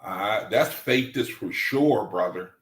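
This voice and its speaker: A man reading aloud to a study group and commenting, excitable and gushing with exclamations. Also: fairly low pitch, takes it slowly, reverberant, low-quality recording.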